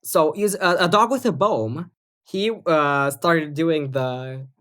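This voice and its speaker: Low-voiced woman rambling about her music. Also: takes it slowly, a bit bright. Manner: rambling, many fillers and restarts. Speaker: podcast co-host and music producer. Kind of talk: casual chat.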